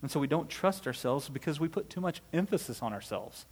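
A man's voice: on the high side, animated, a little fast, few pauses, darkish tone, breathy edge, in a large hall. A man delivering a sermon as a pastor, conversational and full of rhetorical questions, often checking in with "right?".

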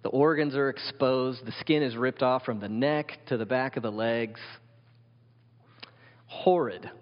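A man's voice: medium pitch, measured pace. Guy preaching a sermon, keeps throwing questions at the crowd, echoey church hall, kinda muffled. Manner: emphatic, asks the congregation many questions. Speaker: pastor. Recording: dull sound with long hall reverb.

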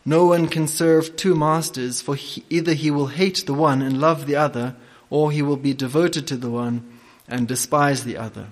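A man preaching a sermon and leading prayer, speaking deliberately with frequent hesitations. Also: fairly high pitch, steady tone.

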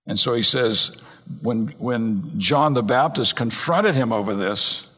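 A man preaching an earnest expository sermon from the pulpit, slowing down and speeding up to stress points. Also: medium pitch, gravelly, fairly bright tone. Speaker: pastor. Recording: long reverb in a large hall.

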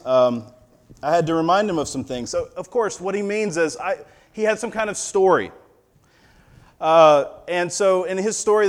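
With a slightly high voice, a thirty-something male pastor moves from a scripture reading into his sermon. He tells it like a laid-back story, sprinkling in gentle, fatherly humor.

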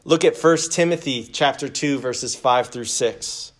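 A man's voice: medium pitch, unhurried. A man preaching a sermon as pastor, earnest, reading scripture aloud and praying with his listeners. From United States. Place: church.

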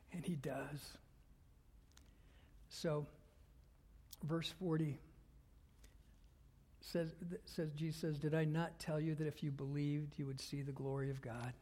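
A man preaching a sermon as a pastor, earnest, dropping to hushed whispers and rising to loud fervor. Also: a little high, breathy edge. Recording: long hall reverb.

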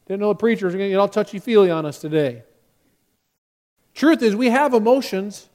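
A man's voice: sits high, animated, normal speed, pauses often, a little mellow. A man preaching a sermon as pastor, talking directly to his congregation and acting out quotes with rising force.

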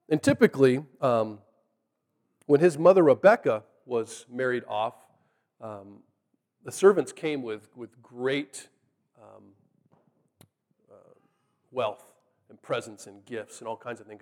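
A man's voice: mid-range voice, a little slow, pauses often, long reverb tail. A man preaching a sermon, retelling the story casually and animatedly, acting out the characters' lines. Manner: animated, acts out the characters' lines in lively voices.

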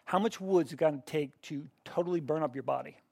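Gravelly-voiced middle-aged man teaching a class. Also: fairly high pitch, quick pace, warm tone, no room sound. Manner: conversational, questions the class, frequent restarts. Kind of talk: interactive Bible teaching.

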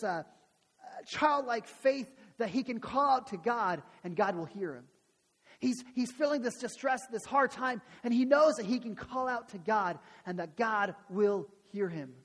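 A man's voice: extremely high pitch, long reverb tail. A male pastor preaching a sermon and praying, earnest, with frequent restarts and repeated words.

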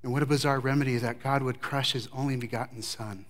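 A fast-talking middle-aged male pastor preaches, recounting the story with spirited emphasis that drops into soft, low sections.

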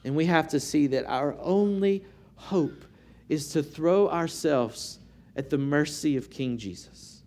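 A man delivers a sermon in an unhurried, deliberate way, letting each phrase land. His voice sits a little high for a man, and he leans on rhetorical questions to draw his listeners in. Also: a little mellow. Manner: earnest, measured preaching with rhetorical questions. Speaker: pastor.

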